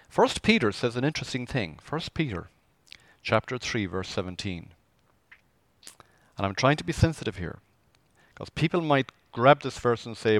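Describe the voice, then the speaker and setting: A man's voice: medium pitch, no room sound. A man preaching a conversational sermon as pastor, asking the congregation rhetorical questions.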